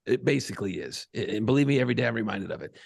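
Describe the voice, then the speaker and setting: A man's voice: medium pitch, rapid-fire, creaky, a little mellow, husky, no room sound, studio quality. A man from Buffalo, New York, co-hosting a podcast in casual, profane, rambling banter. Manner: profane, rambling, laughs often. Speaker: podcast co-host.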